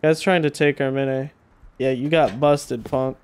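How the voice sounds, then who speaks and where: A man chatting casually through a survival game, excitable and swearing, often repeating himself. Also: mid-range voice, unhurried, clear, resonant tone. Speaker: gaming video creator. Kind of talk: casual gameplay chat.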